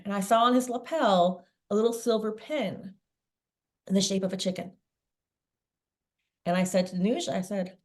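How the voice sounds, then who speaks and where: A middle-aged woman, a sales veteran interviewed as a guest, telling a long anecdote in a lively way. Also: medium pitch. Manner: lively storyteller, acts out quoted voices.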